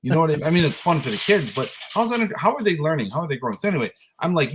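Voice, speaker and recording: A man co-hosting a podcast, telling a casual story about coaching youth flag football in an exasperated, animated way. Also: fairly high pitch, racing, few pauses, a little hiss or hum. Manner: animated, exasperated ranting with mimicked voices.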